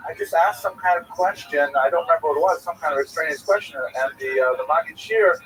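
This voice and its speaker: A middle-aged man, a rabbi giving a Talmud class, telling a personal anecdote in a rambling way with many fillers and restarts, a little flustered after rushing in. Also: fairly high pitch, fairly bright tone. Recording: distant mic with faint noise.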